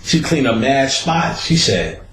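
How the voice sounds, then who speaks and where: A man spins a rough street story in a loose, profane, streetwise way, his voice swinging up and down with the action. He sits at a middling pitch, and the room leaves a noticeable echo around him. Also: sing-song, measured pace, a bit bright. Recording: roomy echo.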